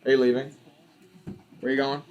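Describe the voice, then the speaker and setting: A man's voice: medium pitch, brisk, highs cut off. A young man hosting a football watch party, giving casual live commentary and ranting in exasperation at the referees. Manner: animated, exasperated ranting about refs.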